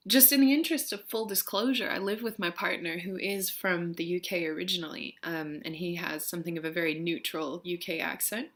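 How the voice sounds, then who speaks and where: Reading through a word list and then a poem, this young female vlogger has a lowish, steady, fairly bright voice and talks fairly quickly with few pauses. Afterward she slips into casual chat full of ums and frequent laughter.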